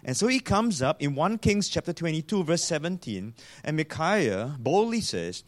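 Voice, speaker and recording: A man's voice: a little high, sing-song, moderate pace, hardly any pauses. A man preaching a sermon, quoting scripture and putting rhetorical questions to his congregation. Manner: reads and quotes scripture in a raised voice.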